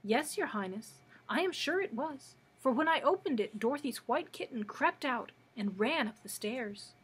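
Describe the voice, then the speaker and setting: A woman's voice: high voice, expressive, moderate pace, breathy edge, exaggerated voice. Woman reading as a polite palace maid. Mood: deferential. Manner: deferential. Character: polite young maid, dutiful. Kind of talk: storybook read-aloud.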